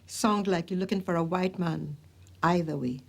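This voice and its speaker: A woman's voice: on the low side, normal speed, gravelly. An actress playing a guarded woman neighbour who answers a detective's questions with short, curt replies. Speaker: neighbour of the victim. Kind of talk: TV police drama acting.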